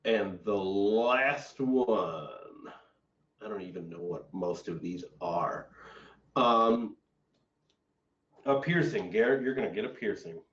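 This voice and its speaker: A young man hosting an online improv show in a laid-back, unhurried way, announcing the games and handing out prompts over a video call. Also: low voice, fairly bright tone. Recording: distant, dull, echoey video-call audio.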